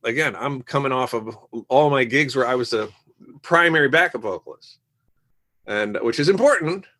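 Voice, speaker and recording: A man in a casual podcast interview, telling animated stories about making music. He acts out quoted voices as he goes, and his voice sits at an everyday middle pitch. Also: normal speed. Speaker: musician guest.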